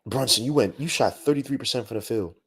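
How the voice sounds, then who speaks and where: A young man hosting a live post-game basketball podcast, talking in an animated, slangy, ranting way with lots of asides. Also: mid-range voice, fast talker, husky. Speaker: podcast host.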